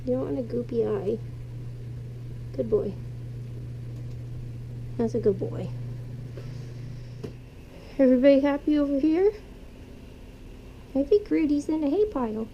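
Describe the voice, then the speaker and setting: Soft-spoken woman soothing her pets. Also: sits high, creaky, highs cut off, slight background noise. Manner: soothing, talks softly to animals. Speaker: pet vlogger. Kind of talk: casual talk to pets while cleaning cages. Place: indoor room with pet cages.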